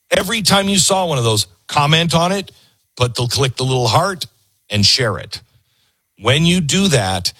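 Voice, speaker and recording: A man's voice: medium pitch, husky, no echo. A man hosting a talk show, speaking emphatically to an audience and stopping clips to comment. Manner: animated, stops clips to comment.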